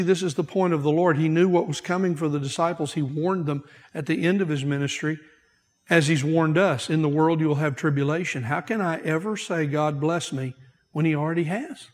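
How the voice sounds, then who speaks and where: A man preaching a sermon as pastor, emphatic, repeating key phrases and slowing down to stress them. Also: a little high. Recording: long hall reverb.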